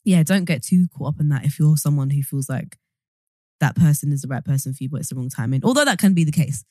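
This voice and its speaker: Young woman, podcast co-host: rambling, giggly, animated pitch, lowish voice. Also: quick pace, dry recording, studio quality. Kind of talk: casual chat.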